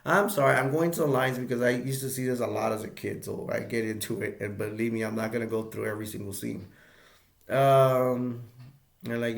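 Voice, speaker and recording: A man's voice: mid-range voice, steady tone, moderate pace, creaky, echoey room. A man reviewing a movie in a casual, rambling way, with many fillers and restarts as he retells scenes.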